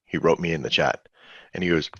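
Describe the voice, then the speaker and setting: A man with a low, gravelly, somewhat husky voice hosts a live webinar, rambling conversationally and throwing questions at his listeners. The sound is dull and lo-fi, like a computer mic on a video call, and dry. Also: steady tone, brisk, no echo. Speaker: trading webinar host. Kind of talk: casual live webinar teaching.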